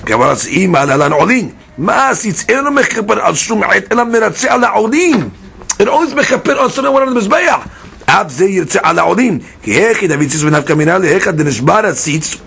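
Gravelly high-voiced man teaching Talmud. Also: a little fast. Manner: animated, questioning, repeats words, mixes Hebrew and Aramaic terms into English. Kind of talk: Talmud study lesson.

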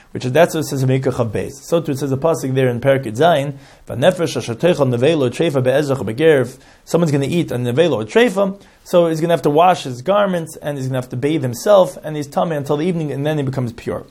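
A man's voice: medium pitch, a little mellow. A man teaching a Talmud lesson, reading Hebrew and Aramaic terms and translating each into English, often stopping and restarting phrases. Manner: stops and restarts phrases while explaining. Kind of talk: explaining a Talmud text line by line.

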